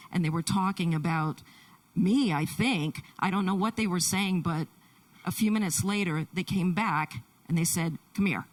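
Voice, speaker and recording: A woman interpreter voicing a Deaf man's testimony in the first person, halting, with many restarts, in a church. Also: lowish voice, distant mic, low-quality recording. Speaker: sign language interpreter.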